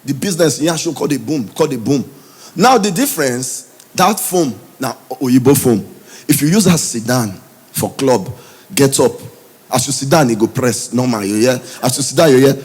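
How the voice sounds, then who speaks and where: A Nigerian man doing stand-up comedy in Pidgin English, telling stories in an animated way. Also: mid-range voice, moderate pace, breathy edge. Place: comedy stage before a live audience.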